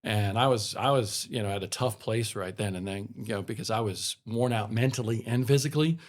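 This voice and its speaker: A man's voice: fairly low pitch, fairly quick. A middle-aged man from the northeastern US, a racing broadcaster, telling stories from his career in a casual chat and acting out the other people's lines. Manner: animated storyteller acting out quoted dialogue. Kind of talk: casual storytelling.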